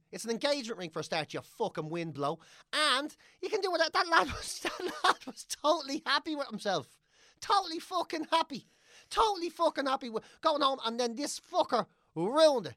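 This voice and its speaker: An Irish woman in full comic rant, swearing freely and mimicking people she mocks. Her pitch leaps all over the place, and the sound is dry and close. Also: big pitch swings, brisk, a bit bright, dry recording. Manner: sweary, ranting, mocking voices.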